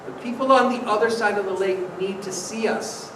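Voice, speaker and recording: A priest telling a playful children's story in church and coaxing the kids with questions. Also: male voice, high-pitched, fairly even intonation, fairly quick. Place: church sanctuary. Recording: echoey church from far off, noisy.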